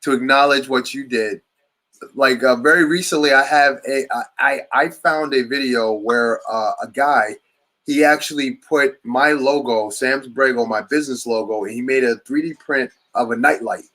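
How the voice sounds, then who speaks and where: A podcast host with a mid-range, bright, forceful voice talks at a moderate pace in a casual chat. He's enthusiastic and rambling, speaking in long runs and restarting often.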